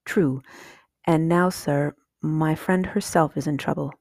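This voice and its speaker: A woman voicing a polite, respectful male crow in a soft whispered role-play, husky in tone. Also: low-pitched, steady tone, unhurried, no room sound, clean studio sound. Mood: earnest.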